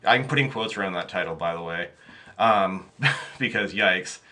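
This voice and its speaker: A man's voice: deep voice, normal speed, pushed and bright. A man talking as a podcast guest about running tabletop games, rambling with many fillers and restarts. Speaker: podcast guest, game master. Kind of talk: casual interview chat.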